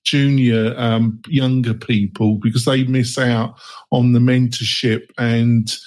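A man's voice: medium pitch, flat delivery, takes it slowly, a little mellow. A man hosting a roundtable podcast, talking in a chatty way with many fillers. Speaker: podcast host.

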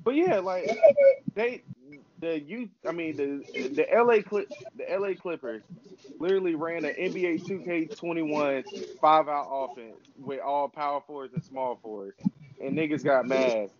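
A man's voice: fairly high pitch, expressive, normal speed, highs cut off, noisy background. A man co-hosting a casual basketball podcast, blunt and emphatic.

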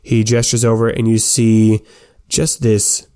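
A man's voice: lowish voice, completely flat delivery, measured pace, dark tone, clean tone. A man game master narrating a tabletop role-playing game in a casual, rambling way.

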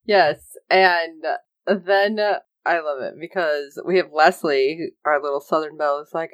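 A woman co-hosting a casual recap chat, animated and laughing as she quotes characters. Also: sits low, moderate pace, dry recording. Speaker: podcast co-host.

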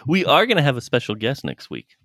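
A man's voice: medium pitch, huge pitch swings, fairly bright tone, no room sound, clean studio sound. A man hosting a podcast in casual chat, laughing often and asking callers to phone in. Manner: laughs often, unhurried, reads out the call-in number. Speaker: podcast host.

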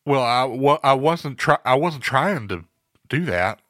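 A man's voice: mid-range voice, lively intonation, a little slow, fairly bright tone, dry recording, studio quality. An actor playing a flustered show host who stammers through his apologies, breaking off and restarting his words. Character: flustered male radio host caught off guard.

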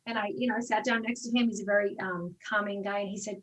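A woman fitness instructor with a fairly high voice chats in an interview, animated and quick to act out the exchanges she retells. She sits a little away from the microphone, so her voice sounds slightly distant. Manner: animated storyteller, acts out quoted exchanges. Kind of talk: casual interview talk.

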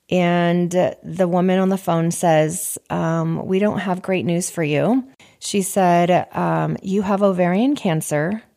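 A young adult woman with a slightly low voice shares her own story on a podcast. She speaks in an earnest, heartfelt way, and her faith comes through as she talks. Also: vocal fry, a little mellow. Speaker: podcast host. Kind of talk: personal storytelling.

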